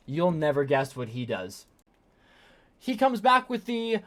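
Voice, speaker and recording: An exasperated online commentator reacting to a string of messages, incredulous and appalled. The speech stumbles through ums and restarts and jumps between flat disbelief and sudden outbursts. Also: medium pitch, moderate pace.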